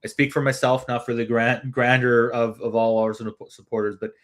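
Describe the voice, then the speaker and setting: A man with a middle-pitched voice co-hosts a casual football podcast. He talks in a loose, chatty way, restarting sentences and swearing casually while reading out viewer comments. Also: flat delivery, a little fast. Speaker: podcast co-host. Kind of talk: casual sports chat.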